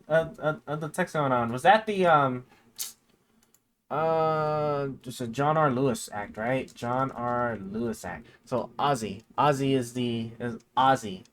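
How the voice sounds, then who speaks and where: A man's voice: mid-range voice, fairly bright tone. A man hosting a casual live stream chat, thinking aloud with lots of fillers and sometimes reading text aloud. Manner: reads text aloud haltingly. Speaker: livestream host.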